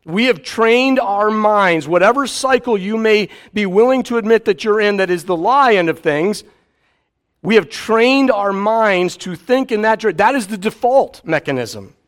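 High-voiced man preaching a sermon. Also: lively intonation, measured pace. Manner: conversational preaching with sudden quiet asides. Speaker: pastor.

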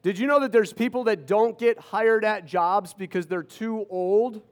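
High-voiced man in his fifties. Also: moderate pace. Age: 50s. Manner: anecdotal, sarcastic asides. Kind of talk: storytelling talk to an audience.

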